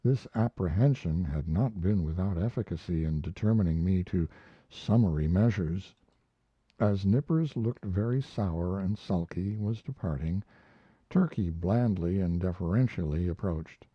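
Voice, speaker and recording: A man reading a classic story aloud as audiobook narration, measured and expressive. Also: deep voice, breathy edge, no room sound. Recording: dull lo-fi recording.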